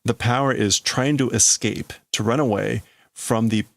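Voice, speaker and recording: A man hosting a livestream, working slowly through a manga translation out loud, halting and stopping often to explain words. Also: mid-range voice, gravelly, no room sound. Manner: slow, halting, stops to explain words and reads lines in a raised voice. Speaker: livestream host. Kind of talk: casual live translation of a manga.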